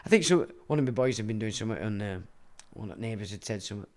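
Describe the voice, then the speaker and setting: A man's voice: fairly low pitch, lively intonation, very fast. A middle-aged man, hosting a livestream and ranting in a blunt, profane, rambling monologue. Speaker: livestream host.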